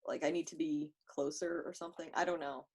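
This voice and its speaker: A woman's voice: deep voice, steady tone, fairly quick, a little mellow, slightly rough. A woman co-hosting a podcast over a video call, telling stories in a chatty, casual way. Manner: chatty storyteller. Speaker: podcast co-host. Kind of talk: casual chat.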